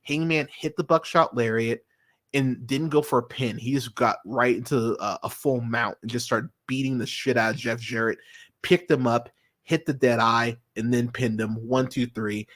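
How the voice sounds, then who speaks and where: A man's voice: medium pitch, steady tone, moderate pace, fairly bright tone. Chatty man reviewing wrestling. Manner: enthusiastic, profane, lots of ums and restarts. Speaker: podcast host reviewing wrestling. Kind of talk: casual solo review.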